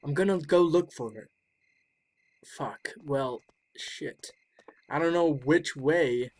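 A person giving let's-play commentary on a horror game. They swear often and mutter their thoughts aloud, then break into high shrieks when startled. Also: slow, darkish tone. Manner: muttering and thinking aloud between scares. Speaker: gaming video creator.

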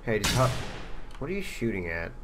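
Joking young man with lively pitch. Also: brisk, a crowd in the background. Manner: joking, trash-talking, bursts into loud laughter. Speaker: gaming channel host. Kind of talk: casual gaming banter.

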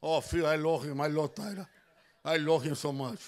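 A man putting on the voice of an excitable older preacher friend who speaks broken English and repeats himself. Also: on the high side, moderate pace, pitched below the performer's own voice, lightly acted. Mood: fond. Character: excitable older male evangelist friend, impression.

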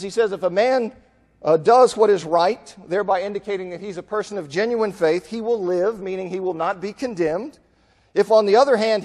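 A man's voice: high-pitched, big-room sound. A man preaching a conversational Bible lesson to a church, acting out quoted voices as he goes. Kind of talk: sermon. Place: church auditorium.

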